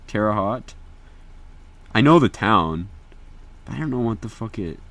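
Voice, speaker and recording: A young man from Indiana chats casually with viewers on a livestream, sounding excitable, slangy, and profane. His voice is on the low side, and he talks at a normal speed.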